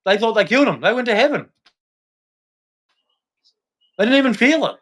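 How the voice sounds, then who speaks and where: In a religious rant aimed at the camera, a male vlogger preaches, repeats himself, heckles, and challenges the listener. He speaks fast and animatedly in a high-pitched, slightly bright voice.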